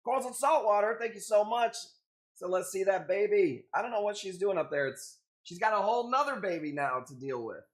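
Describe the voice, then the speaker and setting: Male live-stream host, slightly high voice, upbeat casual chat, greets viewers by name. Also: expressive, fairly quick.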